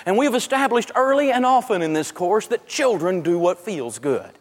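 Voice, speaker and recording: A middle-aged man giving a humorous, animated finance lecture to a live audience in a large echoing hall. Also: high-pitched, normal speed. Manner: animated storyteller. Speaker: financial teacher. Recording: long echo of a large hall.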